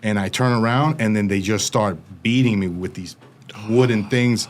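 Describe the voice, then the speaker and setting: A man's voice: fairly low pitch, moderate pace, slight background noise. A man guest on a podcast, recounting a personal story with vivid, casual storytelling and lots of filler words.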